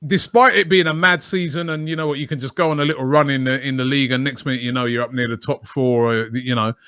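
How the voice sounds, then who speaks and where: Male podcast guest, mid pitch, emphatic and conversational, dry recording. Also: steady tone, fast talker, fairly bright tone, smooth, dry recording. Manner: chatty, emphatic, frequent "you know". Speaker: guest, fan channel presenter. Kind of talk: podcast interview answers.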